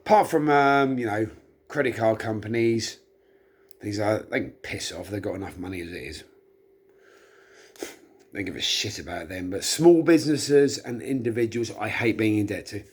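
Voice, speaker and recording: A man's voice: fairly low pitch, normal speed, husky. A middle-aged man, tipsy, rambling chattily and self-deprecatingly in a casual monologue. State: tipsy from drinking. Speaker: vlogger.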